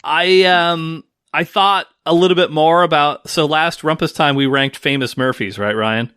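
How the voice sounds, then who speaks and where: A man's voice: fairly high pitch, steady tone, unhurried, a bit bright, smooth, no echo, clean studio sound. A man hosting a podcast in casual chat, teasing and playful with his co-host. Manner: teasing, playful, swears freely.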